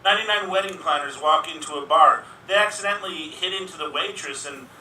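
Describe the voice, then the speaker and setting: A man's voice: on the high side, brisk, bright, forceful tone, distant mic. A man telling improvised jokes in a rambling, playful way, recorded in an echoey room away from the mic. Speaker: improv player.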